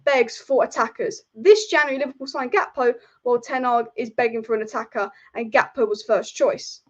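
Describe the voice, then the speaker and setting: A woman's voice: a little high, fairly quick, muffled recording. A woman hosting a football live stream, furious and exasperated, repeating herself as she rants. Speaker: football channel host.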